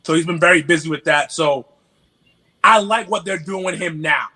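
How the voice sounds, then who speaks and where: A man from New York with a New York accent, a podcast guest in casual chat, animated and stammering through restarts. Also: on the high side, normal speed.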